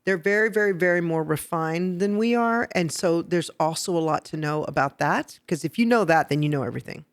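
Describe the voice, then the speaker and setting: A woman hosting a podcast who teaches etiquette step by step, checking in with "okay?" and getting lively and laughing when she tells stories. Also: lowish voice, brisk. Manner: instructive, explains step by step with "okay?" and "right?". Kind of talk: casual podcast chat. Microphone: podcast microphone.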